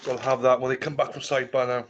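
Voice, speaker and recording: A man's voice: medium pitch, level tone, very fast, background noise. A man hosting a casual livestream chat. He greets viewers by name and swears freely as he rambles. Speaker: livestream host. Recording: slightly muffled lo-fi audio.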